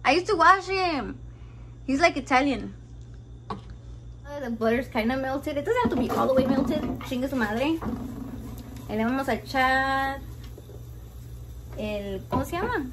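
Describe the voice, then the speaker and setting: In a noisy home kitchen recording, a young woman cooks and talks in a high-pitched, animated voice at a normal pace, pausing often. She's a home cook vlogger, playful and casual, cursing freely and moving between English and Spanish.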